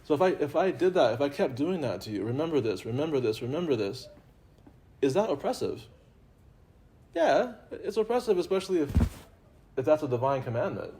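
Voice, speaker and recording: A man's voice: on the high side, big pitch swings, fairly quick, mellow, a little hiss or hum. A man giving an informal spiritual talk to an audience, conversational and playful, often laughing and repeating himself. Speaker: religious teacher.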